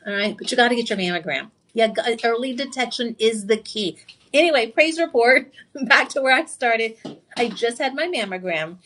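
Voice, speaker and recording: In a TV shopping studio, a woman sells jewelry live, bubbly and talkative, sharing personal anecdotes and tossing cheeky remarks at viewers. Her voice sits on the higher side and she keeps a moderate pace.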